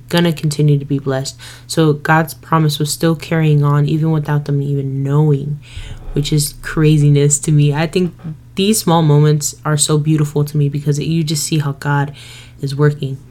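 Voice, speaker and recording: Low-voiced young woman, slangy podcast host. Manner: slangy, lively retelling with quoted voices. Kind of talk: casual faith podcast retelling.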